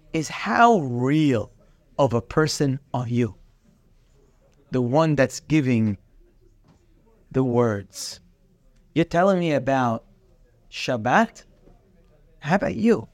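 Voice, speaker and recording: Man, Torah teacher, animated, acts out dialogue, fairly high voice, dry close sound. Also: no echo. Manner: animated, acts out dialogue, mixes in Hebrew terms. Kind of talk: daily Torah class.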